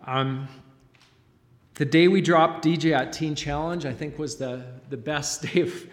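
A middle-aged father giving an emotional church testimony, halting and choked up, with frequent pauses and fillers. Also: on the high side, fairly even intonation. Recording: long reverb of a large hall.

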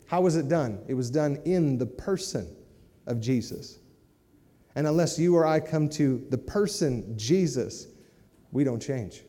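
Preaching man, dark voice in a reverberant hall. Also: medium pitch, lively intonation, measured pace. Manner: conversational preaching, with asides like "right?" and "amen?". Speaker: pastor. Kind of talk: sermon.

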